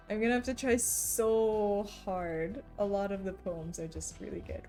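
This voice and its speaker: A woman's voice: mid-range voice, unhurried, warm tone. A young woman chatting casually on a live stream, answering her chat and laughing often between remarks. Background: faint background music.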